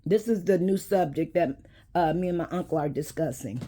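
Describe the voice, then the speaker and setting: A woman, hosting a casual talk and speaking in an unhurried, preachy way that addresses viewers directly. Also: lowish voice, dark tone. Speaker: host.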